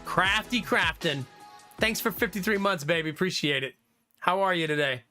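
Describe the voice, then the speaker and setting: A man's voice: high-pitched, expressive, normal speed, sharp tone, soft background music. A man in his thirties, a livestreamer chatting casually with viewers, reading chat aloud and laughing often.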